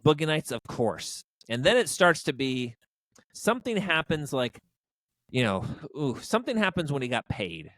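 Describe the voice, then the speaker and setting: Animated, rambling man reviewing movies. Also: medium pitch, normal speed, dry recording. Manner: rambling, animated, jokey, with many fillers. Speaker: podcast co-host. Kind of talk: casual movie review chat.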